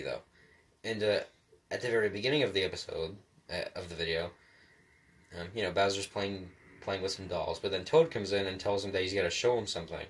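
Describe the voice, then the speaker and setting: A man delivering a rambling, profane rant to the mic, stammering and restarting often. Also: sits low. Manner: rants, then calms into musing. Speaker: solo commentator.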